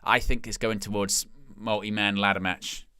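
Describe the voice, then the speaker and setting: A man's voice: fairly low pitch, little pitch movement, normal speed, sharp tone, clean tone. A man hosting a live stream, giving casual watch-along commentary and thinking aloud as he talks.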